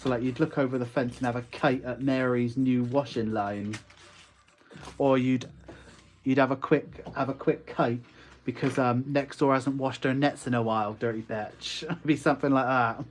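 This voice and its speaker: Here a shop owner from the West Country talks on his live stream at normal speed, with medium pitch and fairly even intonation. Reading comments from viewers out loud, he keeps things relaxed and laughs a good deal.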